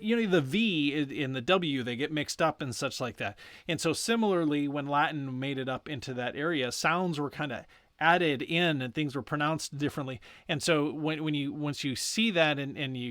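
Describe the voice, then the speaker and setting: A man explaining pronunciation in a casual lesson, chatty and self-correcting, stretching sounds out slowly to demonstrate them. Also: fairly high pitch, a bit bright, no room sound. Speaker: language teacher.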